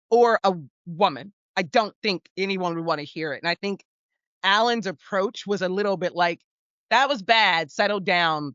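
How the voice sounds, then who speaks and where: A woman co-hosting a podcast, talking about film in a casual, animated and emphatic way, sometimes swearing. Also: fairly low pitch, no echo, muffled recording. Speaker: podcast co-host.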